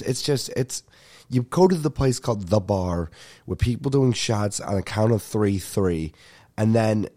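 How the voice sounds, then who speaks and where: A young man, telling a comic story as a podcast host in an animated, profane rant. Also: on the low side. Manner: animated ranting with frequent profanity. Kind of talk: ranting comedic storytelling.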